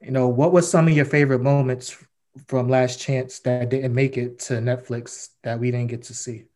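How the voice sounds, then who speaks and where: A man's voice: medium pitch, little pitch movement, moderate pace, dark tone. A man asking casual questions as the interviewer.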